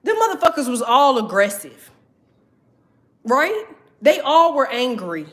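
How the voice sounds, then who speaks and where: A woman's voice: high-pitched, very animated, measured pace. Blunt, foul-mouthed woman. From Southern United States. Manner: blunt, heavy cursing, emphatic. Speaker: tarot reader teaching a class. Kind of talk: profane motivational talk to viewers.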